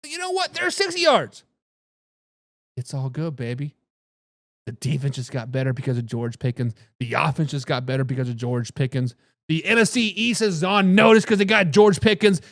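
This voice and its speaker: A man hosting a fan sports talk show, hyping his team, shouting catchphrases and answering viewer comments while drinking beer. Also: on the high side, animated, normal speed, no room sound, studio quality. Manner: hype, repeats catchphrases, says "baby". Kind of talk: hyped live sports talk.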